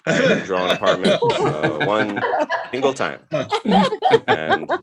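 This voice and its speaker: A man's voice: on the high side, wildly swooping pitch, slow, creaky, over a noisy crowd. A man of thirty doing a stand-up comedy set, grumbling and exasperated, slipping into mocking voices. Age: 30s. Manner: grumpy, exasperated delivery with mocking character voices. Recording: live show with audience laughter.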